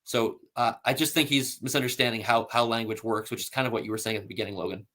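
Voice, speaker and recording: A man of ordinary mid-range pitch hosts a casual scholarly talk. He explains step by step, pausing on "uh" and checking in with "right?". He also reads passages aloud from his sources. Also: steady tone, bright, forceful tone. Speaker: host.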